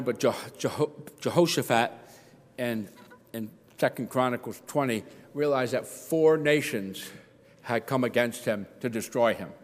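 A middle-aged man preaching an earnest sermon, acting out the voices he quotes. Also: mid-range voice. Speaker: pastor. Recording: long hall reverb.

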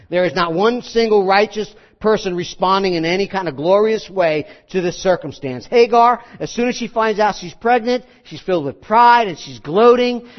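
High-voiced man preaching a sermon. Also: lo-fi sound. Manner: conversational preaching, animated, acts out scenes. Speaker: pastor.

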